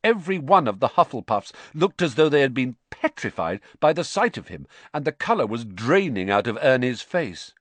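A man narrating a story in an expressive reading voice, close to the mic. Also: mid-range voice, normal speed, hardly any pauses, dry recording. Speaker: audiobook narrator. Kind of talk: scripted narration.

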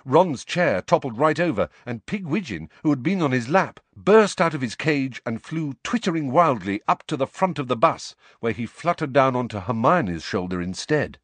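A man reading a storybook aloud as narrator, with expressive, varied delivery. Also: medium pitch, normal speed, few pauses, husky, no room sound. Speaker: audiobook narrator.

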